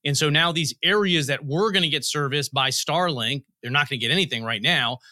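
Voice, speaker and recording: A man's voice: fairly high pitch, brisk, pushed and bright, no echo, clean studio sound. A man being interviewed as a guest on a podcast, explaining policy and telling analogies as he goes. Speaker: guest, federal commissioner. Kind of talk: interview answers.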